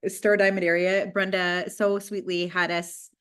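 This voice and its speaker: A woman's voice: on the low side, little pitch movement, measured pace, fairly bright tone, clean tone. A woman hosting a group call, calling on people by name to share in a friendly way. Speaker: call host.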